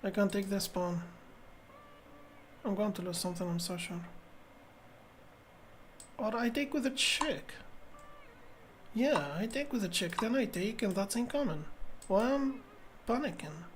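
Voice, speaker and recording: A woman chess streamer thinking aloud as she plays, muttering to herself in halting, repeated phrases. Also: medium pitch, expressive, a little mellow, a little hiss or hum.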